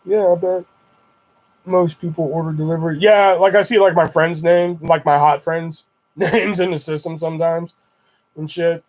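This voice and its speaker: A man's voice: on the high side, steady tone, normal speed, darkish tone. A young man chatting on a livestream, telling rambling stories in a loose, profane way. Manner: profane, rambling, laid-back. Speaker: streamer. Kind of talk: casual livestream storytelling.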